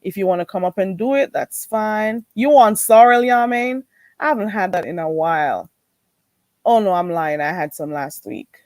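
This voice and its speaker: A woman hosting a casual livestream, greeting viewers in a playful, animated way and laughing often. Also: mid-range voice, moderate pace, no room sound. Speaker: livestream host.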